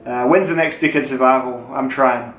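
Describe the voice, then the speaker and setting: In an echoey room with some faint noise, a young Australian channel host with a fairly bright, medium-pitched voice speaks at normal speed. He fields viewer questions in a loose, jokey Q&A chat and swears freely.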